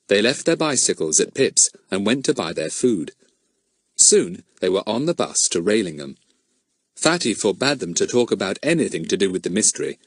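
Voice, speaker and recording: A man narrating a children's storybook with lively storytelling. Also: lowish voice, moderate pace, dry recording. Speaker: audiobook narrator.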